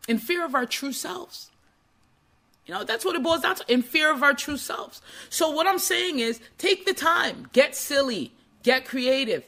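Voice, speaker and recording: A woman talks straight to her viewers in a lively motivational monologue, her voice bright and a touch high. She slips into quoted voices as she goes. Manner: animated, acts out quoted voices. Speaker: motivational speaker.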